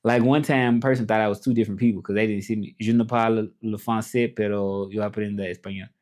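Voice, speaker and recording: A man's voice: fairly low pitch, fairly even intonation, fast, darkish tone. A man from Tennessee with a Southern accent, chatting casually on his livestream and answering viewer comments aloud. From Tennessee, USA. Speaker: livestream host and interpreter.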